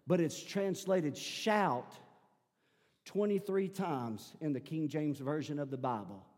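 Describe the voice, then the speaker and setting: A male pastor preaching a sermon, building from quiet, conversational teaching to loud, fervent shouting. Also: a little high, in a large hall.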